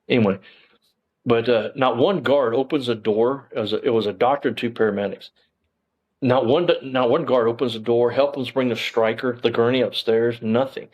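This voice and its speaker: A man's voice: mid-range voice, moderate pace, dull audio. A middle-aged man, telling his story as an interview guest, bluntly and emphatically, with plenty of cursing and fillers. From Texas.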